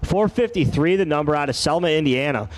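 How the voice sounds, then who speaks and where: A man's voice: a little high, lively intonation, a little fast. A man calling a drag race live, with folksy, joking banter between runs. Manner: folksy, playful announcer banter. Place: outdoor dragway.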